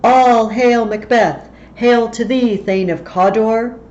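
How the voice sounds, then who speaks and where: A woman's voice: fairly high pitch, fairly even intonation, slow pace, a little mellow, pitched above the performer's own voice. A woman voicing the wicked old witch sisters in rhythmic, incantatory chanting, from a slightly dull recording. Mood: hailing.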